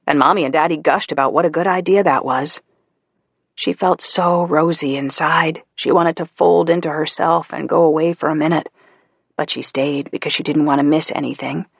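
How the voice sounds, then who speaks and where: A man reads a novel aloud with measured pacing and a gravelly, creaky texture. His voice sits fairly high for a man and is recorded close and dry, with no room sound. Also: a bit bright, no room sound. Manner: measured storytelling with voiced characters. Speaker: audiobook narrator. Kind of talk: scripted narration.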